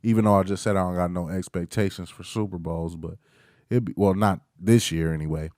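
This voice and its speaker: Host, young man, lowish voice, dry close sound, excitable and teasing, casual sports rant. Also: a little fast, dry recording. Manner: hyped, playful trash talk with chants. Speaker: podcast host. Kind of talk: casual solo sports talk.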